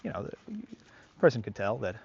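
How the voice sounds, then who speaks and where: Low-voiced man rambling outdoors. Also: very animated, brisk, vocal fry, highs cut off, slight background noise. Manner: rambling and reflective, with many fillers. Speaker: dog trainer. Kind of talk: casual talk to camera. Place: outdoors on a park walk.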